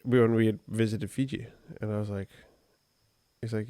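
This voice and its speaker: A man's voice: lowish voice, steady tone, normal speed, dark tone, no echo. A man co-hosting a podcast, telling a personal story in a rambling, conversational way with many fillers. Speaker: podcast co-host. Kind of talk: casual podcast chat.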